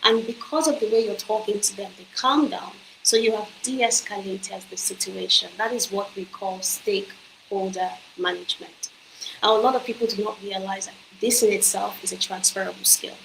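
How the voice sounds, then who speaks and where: An earnest woman at a mid pitch delivers a motivational talk to the listener, coaching them on careers. Her voice rings in a reverberant room. A faint hum of ambience sits behind her. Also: steady tone, normal speed, creaky, a bit bright. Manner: earnest, persuasive direct address. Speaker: company executive and career coach.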